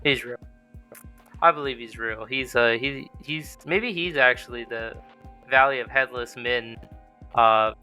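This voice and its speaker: A man's voice: mid-range voice, measured pace, bright, forceful tone, soft background music. A young adult man hosting a podcast in casual chat, joking with loose profanity. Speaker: podcast host.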